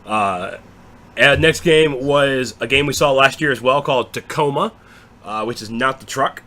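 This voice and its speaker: Excitable bright-voiced gaming host. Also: male voice, mid-range voice, normal speed. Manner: excitable, swears freely. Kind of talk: casual game news recap chat.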